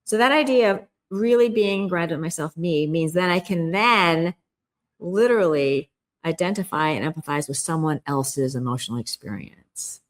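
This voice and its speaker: Middle-aged woman, interview guest, slightly low voice; earnest, emphatic coach who voices imagined quotes. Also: expressive, normal speed. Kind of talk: podcast interview.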